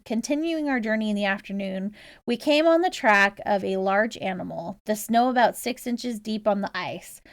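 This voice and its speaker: A woman's voice: a little high, no echo, clean studio sound. A woman co-hosting a casual podcast, chatty and laughing often, reading out research with fillers. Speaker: podcast co-host.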